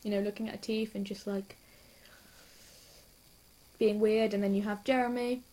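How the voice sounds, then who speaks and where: A young woman with a mid-range voice chats excitedly about a TV episode, giggly and hyper as she gushes and rambles from scene to scene. She is a TV reaction vlogger doing a casual rambling reaction chat.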